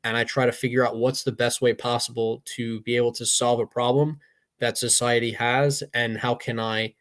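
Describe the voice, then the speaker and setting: A man's voice: medium pitch, level tone, normal speed, fairly bright tone. A young man co-hosting a casual podcast, talking at a loose, rambling clip. He speaks in a mid-range voice and keeps the motivational talk going with plenty of fillers. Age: young adult. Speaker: podcast co-host.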